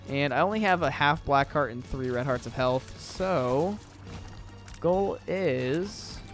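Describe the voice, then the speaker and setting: A young American man chatting casually through a let's-play, rambling with lots of "like" and "um". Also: a little high. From southern United States. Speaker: gaming YouTuber.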